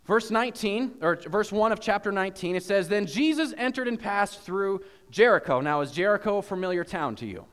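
A man preaching a sermon as pastor, telling a story with animated questions to the congregation. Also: sits high, a little fast, hardly any pauses, in a large hall. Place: church.

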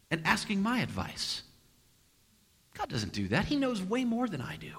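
A man preaching a sermon, telling a personal story and acting out the quotes with sudden loud and hushed turns. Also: sits high, very animated, normal speed. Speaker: pastor. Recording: long reverb of a large hall.

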